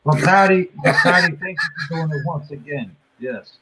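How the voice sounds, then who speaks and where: A man's voice: on the high side, expressive, normal speed, heavy background noise. A man in a casual live chat, teasing the others in playful banter.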